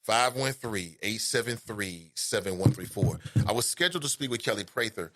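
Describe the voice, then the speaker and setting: A man's voice: on the low side, lively intonation, moderate pace, fairly bright tone, dry recording, clean studio sound. A middle-aged man with a Cincinnati accent hosting a casual call-in talk show, rambling conversationally with playful asides to listeners. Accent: Cincinnati, Ohio. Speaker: radio talk show host.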